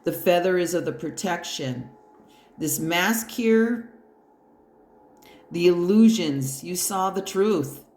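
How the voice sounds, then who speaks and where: This tarot reader takes the cards slowly and deliberately, in a blunt, emphatic way with plenty of swearing. The voice sits at a middle pitch and speaks straight to the listener with encouragement. The sound is roomy, with a clear echo around the voice. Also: animated, darkish tone. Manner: encouraging, addresses the listener directly. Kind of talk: pick-a-pile tarot reading.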